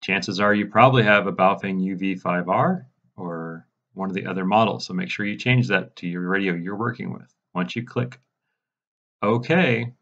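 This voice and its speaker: A man giving a casual step-by-step software tutorial, walking viewers through settings in a mildly exasperated way. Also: sits low, moderate pace, dull audio. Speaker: radio programming instructor. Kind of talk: screen-recorded software tutorial.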